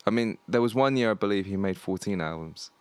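Low-voiced easygoing male host. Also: quick pace, smooth, no echo. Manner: easygoing, friendly questions, filler-heavy. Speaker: podcast host. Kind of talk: casual conversation.

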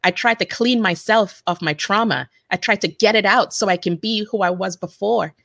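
A woman's voice: mid-range voice, vocal fry, fairly bright tone, no echo. Earnest woman recounting a hard memory. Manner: earnest, halting storytelling with restarts. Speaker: interview guest. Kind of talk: personal testimony in conversation.

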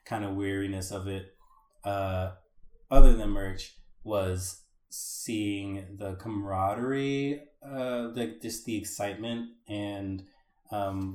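A man's voice: deep voice, darkish tone. A man co-hosting a casual chat, talking in an easygoing, hesitant way with many fillers. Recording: echoey room.

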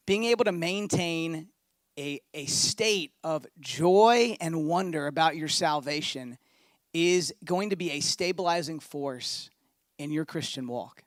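Pastor with a higher voice. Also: male voice, unhurried, dry recording, clean studio sound. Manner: conversational storytelling sermon. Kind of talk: sermon.

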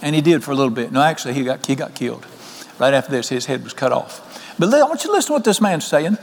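A man, preaching an evening sermon in a folksy, animated way and asking the congregation questions. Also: medium pitch, quick pace, vocal fry. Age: 60s. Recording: long hall reverb.

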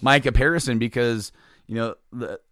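A male podcast host speaks at normal speed in a medium-pitched, slightly bright voice, recorded dry with no echo. His casual chat meanders, full of fillers and restarts.

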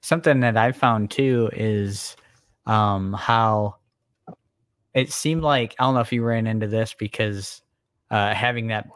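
A man hosting an interview, asking slow, hesitant questions. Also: lowish voice, fairly bright tone, clean tone, no room sound. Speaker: interview host. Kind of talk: casual interview.

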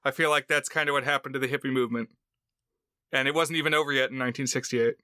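A man with a bright, smooth voice talks films on a podcast. The sound is dry and close, and his manner is relaxed with dry jokes. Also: mid-range voice, fast talker, no echo. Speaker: podcast co-host. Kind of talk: casual film chat.

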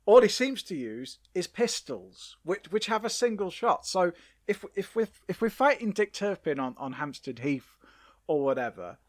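A playful podcast host with a slightly raised pitch. He talks in casual chat and keeps restarting his sentences. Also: big pitch swings, moderate pace.

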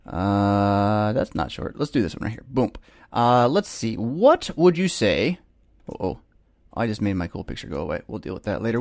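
A man's voice: medium pitch, no echo, clean studio sound. A middle-aged man from the United States, a pastor hosting a livestream show, talking in a casual sermon-like way, emphatic and full of rhetorical questions. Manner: animated, emphatic, rhetorical questions, many restarts.

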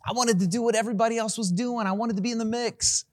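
A man preaching a sermon who tells a personal story in an animated, self-deprecating way and laughs at himself. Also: very high-pitched, quick pace, dry recording. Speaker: pastor.

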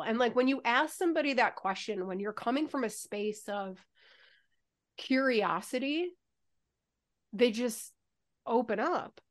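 Candid, animated podcast co-host woman. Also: fairly high pitch, a little slow, long pauses. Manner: candid, swears freely, animated storytelling. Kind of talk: casual chat.

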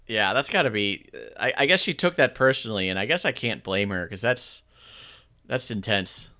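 A man co-hosting a podcast, recapping an episode in relaxed casual chat with lots of fillers and restarts. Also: lowish voice, moderate pace. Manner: laid-back, many fillers and restarts, laughs often. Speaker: podcast co-host.

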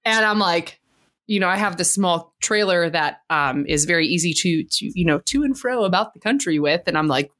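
A woman's voice: fairly low pitch, animated, moderate pace, fairly bright tone. A woman hosting a casual space podcast who talks in a rambling way and laughs often. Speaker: podcast host. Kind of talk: casual chat.

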